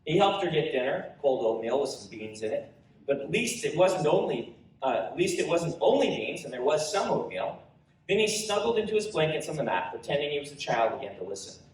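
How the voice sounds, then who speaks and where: A man reading his own story aloud at a convention panel, animated and storytelling. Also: on the high side, a little fast, recorded from a distance. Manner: animated storytelling with character voices. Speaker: author reading his work. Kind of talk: live reading of a book prologue. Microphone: audience recorder in front row. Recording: roomy hall recorded from audience.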